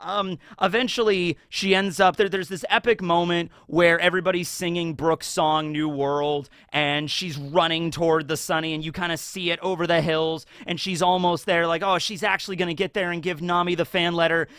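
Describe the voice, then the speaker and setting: A man talking casually as a YouTuber about an anime special. He is excitable, rambling, and full of fillers and tag questions. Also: fairly high pitch, normal speed, few pauses, clean tone, no room sound, studio quality.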